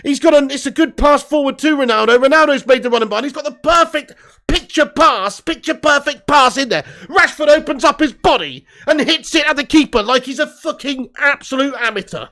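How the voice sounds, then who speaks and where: A man hosting a live football watch-along with a voice pitched high for a man. He commentates excitably, swears freely, laughs often, and reads out viewer messages between bursts of play. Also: brisk. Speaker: host.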